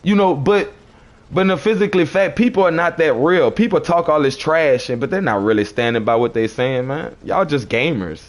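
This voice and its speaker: Talking a little fast in an animated, fairly high voice, a man on a livestream argues with live chat commenters. He's preachy and confrontational and keeps repeating his phrases.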